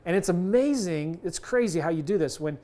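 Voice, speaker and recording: A man's voice: high voice, expressive, brisk, dark tone. A middle-aged man coaching on real estate deals in a casual, conversational way, acting out bits of seller calls. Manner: conversational, acts out both sides of sales calls. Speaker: real estate investing teacher.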